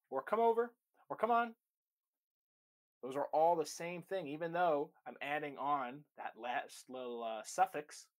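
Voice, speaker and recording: A man with a mid-range voice teaches dog training in a direct, emphatic way. He explains each step plainly and speaks straight to the listener. His delivery is instructional. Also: mid-range voice. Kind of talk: instructional talk.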